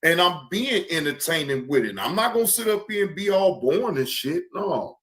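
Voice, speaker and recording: A man's voice: on the high side, big pitch swings, moderate pace, a bit bright. A man hosting a live stream, talking bluntly and casually with plenty of profanity. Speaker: streamer host.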